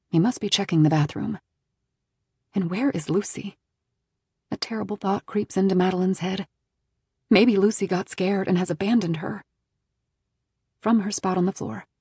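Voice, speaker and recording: Role: audiobook narrator. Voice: husky woman, mid pitch. Style: tense, measured thriller reading. Sound: dry, close mic. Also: darkish tone, dry recording.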